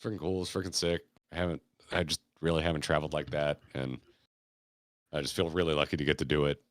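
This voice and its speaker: A man's voice: extremely low pitch, flat delivery, fast, no room sound, clean studio sound. An American man from Florida hosting a podcast, telling stories in a rambling, laid-back way, laughing and swearing casually. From Florida, United States. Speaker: podcast host.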